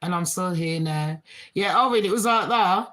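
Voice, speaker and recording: A woman's voice: fairly low pitch, normal speed, a bit bright. A middle-aged woman, hosting a casual live chat with her viewers in a rambling, frank, slangy way. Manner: slangy street talk. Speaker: livestream host.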